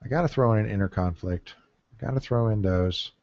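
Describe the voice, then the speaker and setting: A man's voice: lowish voice, a little fast, darkish tone, dry recording. A man giving casual commentary while drafting in a card game, thinking aloud with many fillers and counting under his breath. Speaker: gameplay commentator. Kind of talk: casual deck-building commentary. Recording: dull lo-fi dry mic.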